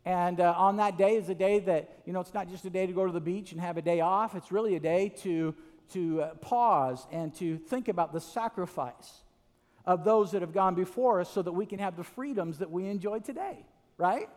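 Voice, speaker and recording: Animated high-voiced male preacher. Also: normal speed, long reverb tail. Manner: animated storytelling with many restarts and "right?" asides. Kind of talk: sermon.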